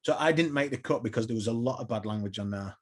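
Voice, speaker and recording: A man, a podcast guest, telling lively anecdotes in casual chat, swearing freely and slipping into other people's voices. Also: medium pitch, fast. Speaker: interview guest, tribute performer. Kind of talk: casual storytelling.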